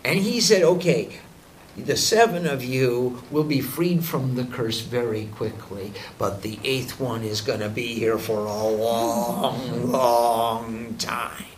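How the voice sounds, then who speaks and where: A man telling old sacred stories to a small group, slow and unhurried, slipping into the characters' voices now and then. His voice sits at an ordinary middle pitch, with faint ambient noise behind him. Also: fairly even intonation, low-quality recording. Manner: unhurried, voices characters in quotes, chuckles often. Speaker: spiritual teacher telling stories. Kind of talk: storytelling talk to a group.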